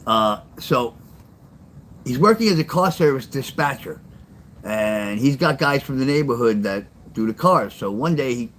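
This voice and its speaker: An older man talks straight to his viewers in a blunt, rambling livestream chat, doubling back on his own words. His voice sits at an ordinary middle pitch, and a faint hiss of noise runs under it. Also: animated, a little slow, fairly bright tone. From New York. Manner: blunt, rambling, repeats himself. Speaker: livestream host and storyteller. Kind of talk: casual livestream chat with chat readers.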